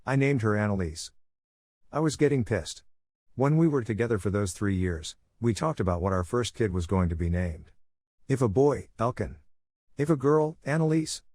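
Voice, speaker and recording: A man narrates a first-person story in a steady, scripted way. His voice sits on the low side. The recording is close and dry, with no room sound. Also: moderate pace, dry recording.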